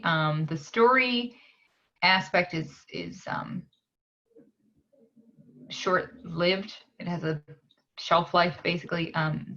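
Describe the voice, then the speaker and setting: A woman from a library talking through a software tutorial on her screen, unhurried and pausing with "um" as she clicks along. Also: fairly low pitch, dull audio. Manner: unhurried, frequent "um" pauses while clicking.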